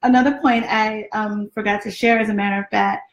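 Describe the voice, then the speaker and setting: A woman's voice: mid-range voice, steady tone, fairly quick. A woman co-hosting a relationship talk show beside her husband, backing up his points and adding her own in casual chat. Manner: affirming backchannels, chimes in supportively. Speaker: co-host, the host's wife. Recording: echoey room.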